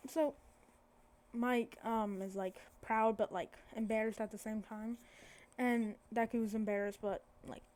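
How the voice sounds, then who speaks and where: A woman's voice: medium pitch, a little mellow. A woman casually telling a made-up fan story, rambling and correcting herself as she goes. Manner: rambling, self-correcting, many fillers.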